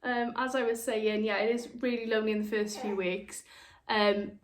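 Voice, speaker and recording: A woman's voice: fairly high pitch, steady tone, normal speed. A young woman talking frankly to camera as a vlogger, chatty and open, slipping into other voices when she quotes people. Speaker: vlogger, new mother. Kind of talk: candid personal chat to camera.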